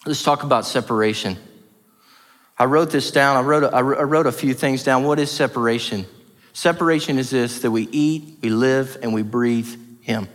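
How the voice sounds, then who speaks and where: A man's voice: mid-range voice, moderate pace. A man preaching a sermon as pastor, passionate and emphatic, with lots of repetition. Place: church hall. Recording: reverberant church hall.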